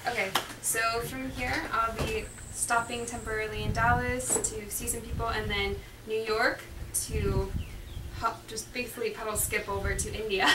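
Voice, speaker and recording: A woman's voice: fairly high pitch, little pitch movement, moderate pace. A woman guest in a casual interview, earnest and laughing often, with many fillers. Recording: echoey, distant, loud noise.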